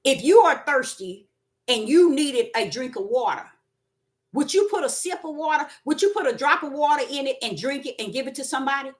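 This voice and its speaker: A woman preaching a spontaneous sermon, repeating words for emphasis and swinging between loud and soft. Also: high-pitched, animated, brisk. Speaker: self-styled prophet and preacher.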